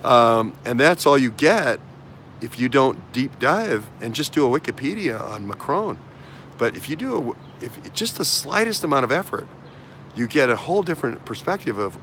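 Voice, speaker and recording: A man's voice: mid-range voice, very animated, normal speed, a bit bright, a little hiss or hum. A man hosting a casual political talk show, rambling with many fillers, restarts and repetitions. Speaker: host.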